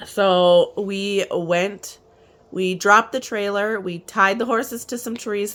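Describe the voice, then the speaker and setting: A woman's voice: mid-range voice, fairly bright tone, a little hiss or hum. A woman in her thirties telling a family trip story in a casual, chatty way, laughing often and trailing off mid-sentence. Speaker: vlogger.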